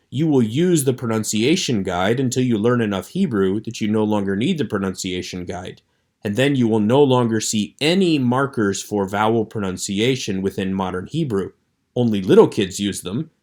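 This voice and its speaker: A man teaching a recorded online lecture with a measured, explanatory delivery. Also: on the low side, darkish tone.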